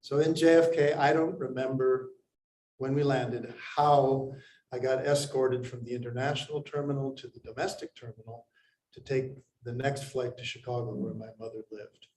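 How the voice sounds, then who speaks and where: A man from India telling a personal story to an audience, unhurried with pauses and lively acted quotes. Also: mid-range voice. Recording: roomy, distant mic, faint noise.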